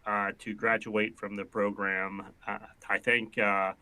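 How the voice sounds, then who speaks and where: A man hosts a live online panel in a low, bright voice. The sound is dry and close. He talks in an easy, chatty way. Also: unhurried, no echo, poor audio. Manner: relaxed and chatty, says "brother". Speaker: panel host.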